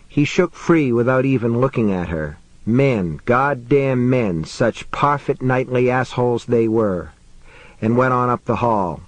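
A male audiobook narrator telling a horror story in a measured, wry way. His voice sits at a middling pitch, neither high nor low, and the recording is dry and close, with no room sound. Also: expressive, dry recording. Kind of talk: scripted narration of a horror novel.

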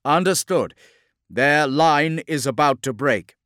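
A man doing a loud rallying soldier lieutenant. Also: high voice, sing-song, takes it slowly, no echo, clean studio sound, voice pushed up, heavily acted. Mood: clipped. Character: male space-marine lieutenant, urgent and rallying.

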